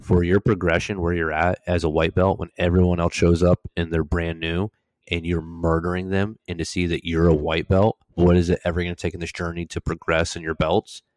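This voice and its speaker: A man's voice: deep voice, level tone, fairly quick, a little mellow, no room sound. A young man co-hosting a podcast, telling stories animatedly, swearing and laughing as he goes. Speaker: podcast co-host. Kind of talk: casual storytelling chat.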